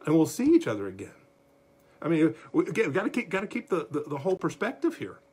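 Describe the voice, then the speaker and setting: A man leading a livestreamed Bible study as pastor, folksy and animated, talking straight to his viewers. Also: a little high, fast, husky.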